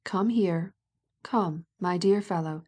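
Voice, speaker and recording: A woman voicing a blunt, domineering fifty-year-old society matron in an audiobook, speaking gruffly and bossily. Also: on the low side, takes it slowly, a little mellow. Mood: scolding. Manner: gruff, scolding and bossy.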